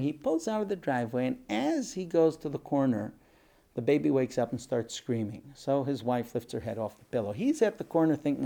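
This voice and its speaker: A man giving a talk and telling a lively story, acting out voices along the way. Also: medium pitch, brisk, creaky. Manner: animated storyteller, acts out voices. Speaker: speaker.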